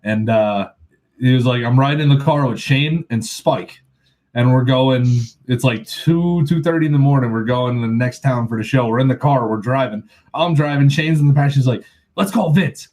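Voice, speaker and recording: A man's voice: mid-range voice, moderate pace, a little mellow. A young man co-hosting a podcast, chatting casually and telling stories with animation. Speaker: podcast co-host. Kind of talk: casual chat.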